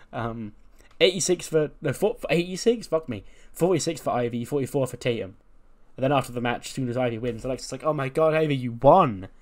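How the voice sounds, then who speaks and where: A man narrating a wrestling simulation playthrough in a casual, rambling style. His voice sits at an ordinary male pitch. He fills the story with fillers and the odd curse word. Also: a little mellow. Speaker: game streamer.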